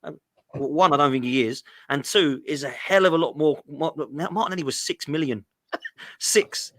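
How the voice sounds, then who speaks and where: A man's voice: fairly high pitch, moderate pace, dry recording, studio quality. A man on a fan podcast, conversational, conceding some points before arguing back about transfers. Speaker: football podcast panelist, fan of a rival club. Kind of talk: casual fan podcast debate.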